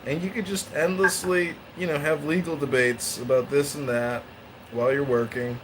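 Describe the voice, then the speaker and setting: A man's voice: steady tone, normal speed, slight background noise, low-quality recording. A man hosting a casual podcast chat, rambling through stories and opinions. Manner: rambling storyteller with bursts of high-pitched mimicry. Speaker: podcast host.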